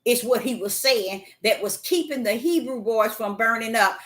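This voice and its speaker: A woman preaches a sermon in a bright, forceful voice set a little high. She repeats her points and trips over fillers and restarts as she teaches. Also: normal speed. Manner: repetitive, emphatic, many fillers and restarts.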